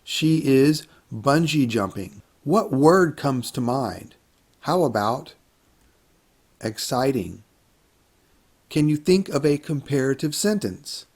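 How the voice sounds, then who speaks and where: Slow, deliberate male English teacher. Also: fairly high pitch, animated. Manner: slow, deliberate, repeats words for listeners. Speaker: English instructor. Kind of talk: grammar lesson for learners.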